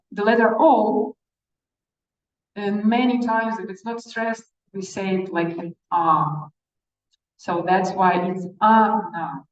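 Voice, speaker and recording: A woman teacher speaks slowly and patiently, repeating words for beginners. Her voice sounds distant from the mic in a roomy space with reverb. The recording is dull and lo-fi. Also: mid-range voice. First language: Russian. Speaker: Russian language teacher. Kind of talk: classroom language lesson.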